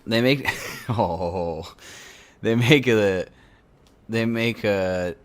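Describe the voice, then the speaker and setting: Brief: male podcast host, low voice, jokey and rambling, stumbles and restarts a lot. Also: very slow. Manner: joking, rambling, frequent restarts. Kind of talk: casual podcast chat.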